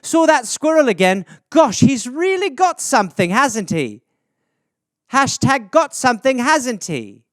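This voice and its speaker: Man voicing a chatty mother, high and lilting, dry studio sound. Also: sing-song, no room sound, exaggerated voice. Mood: chirpy. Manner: sing-song, drawn-out hashtag readings. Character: chatty British mother, cheerful and mundane.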